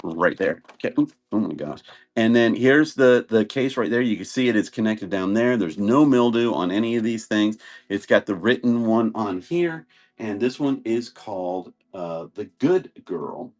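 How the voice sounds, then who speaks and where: A man's voice: on the low side, animated, moderate pace. A man selling old videotapes on a live stream, chatting casually and rambling with many fillers. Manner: rambling, chatty, says "and stuff" often. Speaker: live auction seller.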